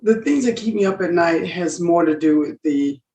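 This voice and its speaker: A middle-aged woman talks through a personal story with lively emphasis, as a guest on an interview podcast. Her voice carries a roomy echo. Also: on the low side, moderate pace, lo-fi sound. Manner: animated, emphatic storyteller who acts out dialogue. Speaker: guest entrepreneur.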